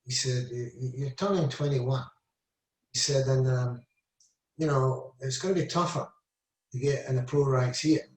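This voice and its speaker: A man's voice: medium pitch, fairly even intonation, normal speed, long pauses. A Scottish man in his seventies, a former footballer telling rambling stories in a casual interview, full of "I said" and "you know". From Scotland. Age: 70s. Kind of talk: casual storytelling. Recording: echoey room, mic at a distance.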